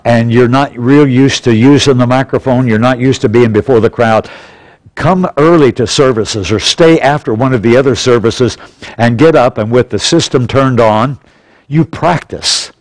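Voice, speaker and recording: A man's voice: medium pitch, darkish tone, no echo, low-quality recording. Plain-spoken man teaching, dry sound. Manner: plain, instructive, repeats key points. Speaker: church leadership class teacher. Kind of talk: practical classroom lesson. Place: church auditorium. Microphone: stationary pulpit mic.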